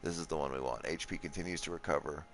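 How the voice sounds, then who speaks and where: A man giving relaxed, casual commentary on a video game, thinking aloud and swearing now and then at enemies. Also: rumbling low, fast, faint music behind. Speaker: gameplay commentator. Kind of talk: casual let's play commentary.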